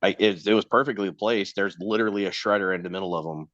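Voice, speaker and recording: A man's voice: low voice, fast, no room sound. A man on a podcast, casually telling a profane work story and acting out the people in it. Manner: profane, animated storyteller doing quoted voices. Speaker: podcast co-host. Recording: dull lo-fi sound.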